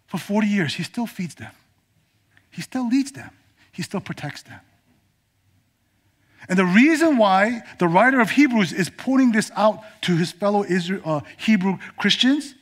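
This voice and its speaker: A male preacher giving a sermon, dramatic and swinging from emphatic declarations to hushed whispers. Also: high voice.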